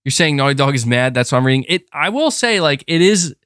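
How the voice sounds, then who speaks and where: A man's voice: medium pitch, animated, quick pace, fairly bright tone, clean tone, dry recording, studio quality. A man streaming and chatting with his viewers in a casual, rambling way, with many fillers and restarts. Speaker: streamer reading chat. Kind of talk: casual livestream chat.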